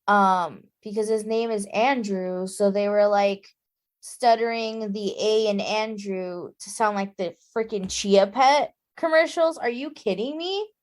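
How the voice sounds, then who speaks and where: A woman co-hosting a relaxed book-club chat. She talks emphatically and punches her reactions with exclamations. Her pitch sits in an ordinary middle range. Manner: emphatic and exclamatory, quick to get indignant. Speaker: podcast co-host.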